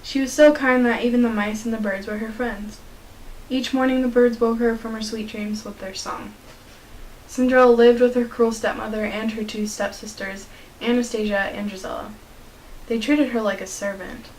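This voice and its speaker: A woman's voice: a little high, fairly even intonation, normal speed, darkish tone, poor audio. Young woman reading a children's storybook. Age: teens. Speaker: student reader. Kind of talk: children's story read-aloud.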